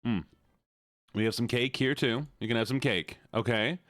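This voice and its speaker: A man's voice: mid-range voice, normal speed, fairly bright tone, no echo, studio quality. A man streaming live, chatting casually and playfully with viewers, teasing them and greeting each one by name.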